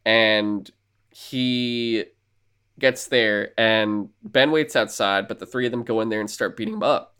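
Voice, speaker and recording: A man's voice: fairly low pitch, unhurried, fairly bright tone, clean tone. A man co-hosting a podcast who recaps a movie in casual, rambling chat, swearing freely and acting out the characters' lines. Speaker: podcast co-host.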